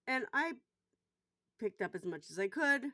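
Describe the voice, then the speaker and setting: A middle-aged woman, a bar worker, telling a personal story in a casual vlog. She talks bluntly, swears freely, and gets loud and worked up while retelling it. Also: on the high side, sing-song, measured pace, no room sound.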